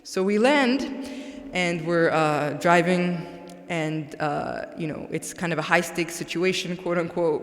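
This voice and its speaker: A woman giving a religious talk to a congregation, conversational, often checking in with "right?". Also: low-pitched. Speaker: guest speaker. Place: large mosque hall. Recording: echoey hall with long reverb.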